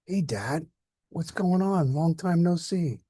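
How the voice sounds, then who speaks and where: A man's voice: on the high side, expressive, takes it slowly, mellow, slightly rough, dry recording, studio quality, voice pushed up, full character voice. A man voicing a grown son, raw and emotional, who is angry at his father and later tender with him.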